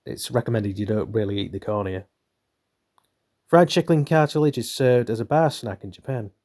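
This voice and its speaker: A man's voice: mid-range voice, animated, normal speed, a little mellow. A young man, reading a book aloud and breaking off for rambling, irreverent, swearing asides. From northern Britain. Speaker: channel host reading a book. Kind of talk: reading aloud with offhand commentary.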